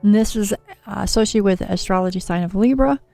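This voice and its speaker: Gravelly-toned woman reading tarot on a livestream. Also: mid-range voice, fast, mellow, soft background music. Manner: soothing, chatty, reads viewer names and card meanings. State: slightly scratchy voice from a cold. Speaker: tarot reader and livestream host.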